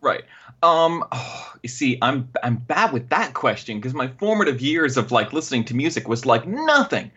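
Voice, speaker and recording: A man guesting on a casual podcast, joking around and tossing out quick bits. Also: mid-range voice, sing-song, pushed and bright, breathy edge, lo-fi sound. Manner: jokey, quick with bits and impressions.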